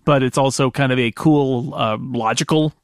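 A man's voice: medium pitch, normal speed, no room sound, clean studio sound. Chatty man on a movie podcast. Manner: chatty, exclaims at the screen. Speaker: podcast co-host. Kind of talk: casual movie discussion.

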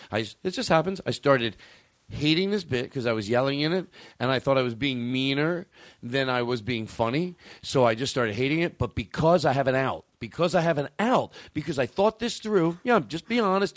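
A man's voice: medium pitch, no echo. A man hosting a comedy podcast, rambling and self-mocking with sudden silly asides. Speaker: podcast host. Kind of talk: loose comedic podcast banter.

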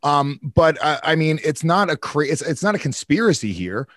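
A man's voice: fairly high pitch, big pitch swings, moderate pace, a bit bright, no room sound, studio quality. A man co-hosting a casual sports chat, explaining his reasoning and swearing casually. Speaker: podcast co-host.

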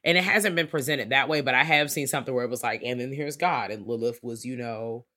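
A bright-toned podcast co-host in loose, casual chat. They retell scenes with animated, loud acted-out quotes and curse freely along the way. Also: mid-range voice, quick pace. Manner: animated storyteller, acts out quotes loudly, swears freely.

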